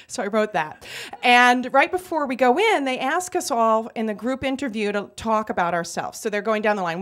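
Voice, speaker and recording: A woman telling a comic true story live on stage, animated and acting out the people she quotes. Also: medium pitch, fairly quick. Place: theater stage before an audience.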